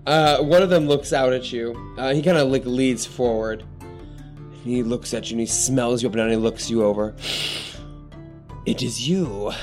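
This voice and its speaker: A man's voice: medium pitch, steady tone, normal speed, darkish tone, faint music behind. Young man running a tabletop game. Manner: casual, lots of "like", descriptive. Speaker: game master.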